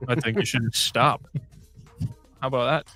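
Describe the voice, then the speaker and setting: Man, gravelly voice, livestream host, chatty, reads chat aloud, faint music. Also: medium pitch, steady tone, normal speed, sharp tone.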